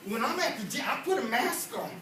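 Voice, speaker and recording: Loud, emotional preacher man in an echoey church. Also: very high voice, expressive, brisk. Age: middle-aged. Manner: loud, emotional, swings from hushed to shouting. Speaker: pastor. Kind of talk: energetic sermon. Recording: echoey hall from far off, noisy.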